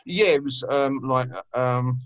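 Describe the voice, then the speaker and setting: A man's voice: medium pitch, slow pace, dry recording, dull audio. A man, a guest telling rambling stories with lots of fillers and swearing in a casual conversation. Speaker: guest musician.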